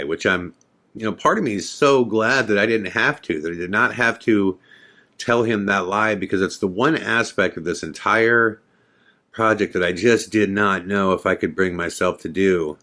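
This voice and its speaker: Deep-voiced man telling a story. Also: normal speed, a bit bright. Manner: conversational, filler-heavy retelling with quoted dialogue. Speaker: podcast host. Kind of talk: casual storytelling.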